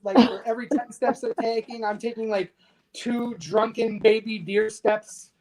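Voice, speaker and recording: A man in his thirties from the United States, a podcast guest telling a war story candidly and with dark humor, swearing freely. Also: high-pitched, fairly even intonation, moderate pace, rough recording. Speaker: podcast guest, army veteran. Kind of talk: casual storytelling interview.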